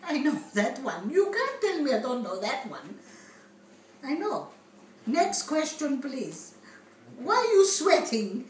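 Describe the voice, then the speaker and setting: A woman as a flustered migrant woman, broken English, high pitch, roomy distant sound, faint hiss. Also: slow, exaggerated voice. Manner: broken English, malapropisms, excitable, giggly. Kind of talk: comedy sketch. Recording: roomy echo, distant mic, faint noise.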